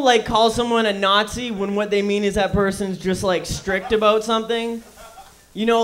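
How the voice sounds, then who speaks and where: A man's voice: high-pitched, a bit bright. A man performing a crude, rambling stand-up comedy set on a club stage.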